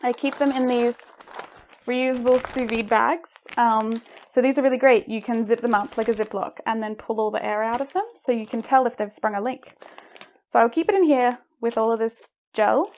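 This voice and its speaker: Giddy high-voiced woman unboxing a package. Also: moderate pace, slight background noise. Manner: gushing, giggly, excitable. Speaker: maker vlogger. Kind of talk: unboxing vlog.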